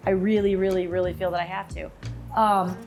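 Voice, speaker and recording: A woman from Toledo, Ohio, talking as a podcast guest, telling stories with lively acted-out quotes. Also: medium pitch, a little fast, faint music behind. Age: adult, sings since her mid-twenties. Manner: animated storyteller, acts out quoted voices. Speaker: podcast guest, singer and lawyer. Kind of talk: casual interview chat.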